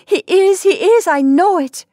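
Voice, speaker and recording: A woman's voice: a little slow, dark tone, dry recording, clean studio sound. A woman doing a frantic Creole mother. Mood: anguished. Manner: high, anguished outcries.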